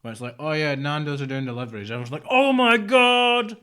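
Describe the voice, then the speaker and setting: A man's voice: mid-range voice, fairly even intonation, very fast, fairly bright tone. A man, co-hosting a casual podcast chat, rambling and dropping into mutters. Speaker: podcast co-host.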